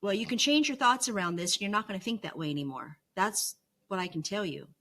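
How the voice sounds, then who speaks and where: A woman's voice: mid-range voice, expressive, fast talker, a bit bright. Middle-aged woman, candid home vlogger, confessional with wry humor, mid-range voice. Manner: earnest and confessional, with self-mocking humor. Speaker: vlogger sharing her illness recovery. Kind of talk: candid personal vlog monologue. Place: home bedroom.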